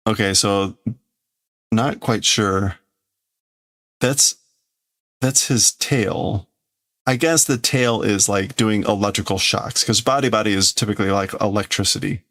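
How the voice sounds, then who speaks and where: Slow, gravelly-voiced man translating comics. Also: fairly low pitch, steady tone, a bit bright. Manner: unhurried, thinking aloud with hedges. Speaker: streamer translating manga. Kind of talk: casual live commentary.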